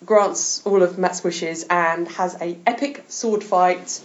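A woman's voice: on the low side, fairly even intonation, takes it slowly, muffled recording. A woman hosting a podcast, chatting with enthusiasm and laughing often. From England. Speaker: podcast host. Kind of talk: casual chat.

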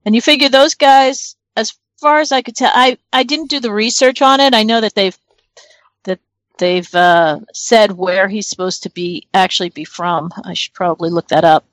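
A woman's voice: mid-range voice, moderate pace, a bit bright, dry recording. A middle-aged woman from northern New Jersey, chatting casually as a podcast co-host, rambling and thinking aloud with many fillers over a remote call. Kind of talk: casual chat.

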